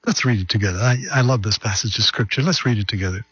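A man pastor preaching a sermon, reading scripture slowly and deliberately and telling a story. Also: fairly low pitch, a bit bright, husky, dry recording, lo-fi sound.

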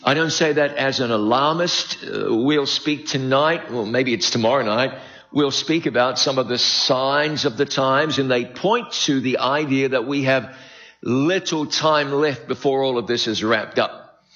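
An older man from New Zealand with a softened New Zealand accent, preaching at a prophecy seminar with folksy, self-deprecating humor. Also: medium pitch, a little slow, lo-fi sound. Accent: New Zealand, softened by decades in America.

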